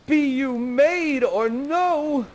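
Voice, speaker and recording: A man's voice: very high voice, very slow, voice pushed up, full character voice. A man voicing Ferdinand, a brash lovestruck young prince, swaggering and slangy in a comic Shakespeare performance.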